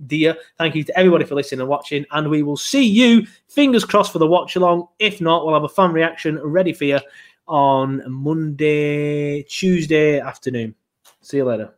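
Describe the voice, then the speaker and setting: A young man hosting a podcast. His voice sits slightly high. He chats casually, rambling, swearing and restarting his sentences. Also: normal speed. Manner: rambling, swearing, self-interrupting. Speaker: podcast host. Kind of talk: casual chat.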